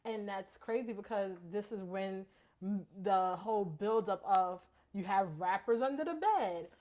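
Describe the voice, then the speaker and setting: A woman's voice: medium pitch, dull audio. Woman with a mid-range voice, co-hosting a casual podcast. She speaks frankly and easily, often agreeing with her partner before adding her own view. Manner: relaxed, frank, quick to agree. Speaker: podcast co-host. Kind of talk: casual chat.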